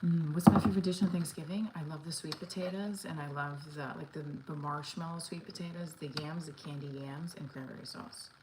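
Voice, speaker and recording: Casual home vlogger, woman in her 30s, lowish voice, noisy phone-mic sound, rambling chatter. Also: fairly even intonation, brisk, few pauses. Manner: chatty, rambling, talks while making coffee. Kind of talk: casual livestream chat. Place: home kitchen.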